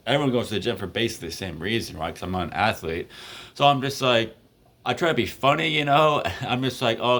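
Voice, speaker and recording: A man's voice: fairly low pitch, a bit bright. A man in his twenties casually telling a story, rambling with many fillers and laughing between lines.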